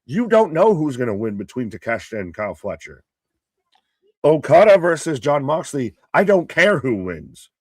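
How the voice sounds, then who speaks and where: Casting: jokey, rambling male co-host, mid pitch, dry close mic. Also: sing-song, normal speed, darkish tone, no echo. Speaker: co-host of a wrestling watch party stream. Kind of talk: casual live-stream chat.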